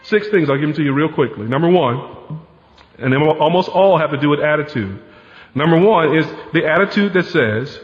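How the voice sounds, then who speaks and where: Pastor, male, conversational sermon delivery, slightly high voice, long hall reverb, dull lo-fi sound. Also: lively intonation, normal speed. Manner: conversational preaching, rhetorical asides.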